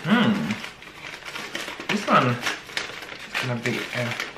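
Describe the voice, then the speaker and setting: Slow gushy woman unboxing plants, lots of up and down in her voice, echoey room. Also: rumbling low, big pitch swings. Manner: gushing, exclamatory, slow and drawn-out. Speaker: plant vlogger unboxing gifts. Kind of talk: casual unboxing vlog. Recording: echoey room with noticeable background noise.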